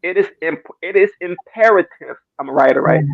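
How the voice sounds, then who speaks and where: Man, fairly high gravelly voice, tearful church testimony, repeats himself, dull muffled stream audio. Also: brisk, no echo. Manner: repetitive, stammering, keeps asking "you know what I'm saying". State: near tears. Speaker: speaker in a church discussion. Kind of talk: emotional testimony.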